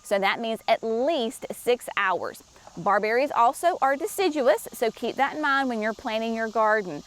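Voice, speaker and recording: A woman's voice: on the high side, expressive, normal speed. A woman presenting shrubs at a garden nursery, talking chattily and enthusiastically straight to her viewers. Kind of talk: casual product walkthrough for viewers.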